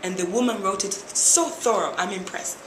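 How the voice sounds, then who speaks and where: In an echoey room with a little background noise, a young woman from Tanzania, formerly a reality show contestant, tells her story to an interviewer. She speaks at normal speed in a mid-range voice, animatedly acting out other people's lines.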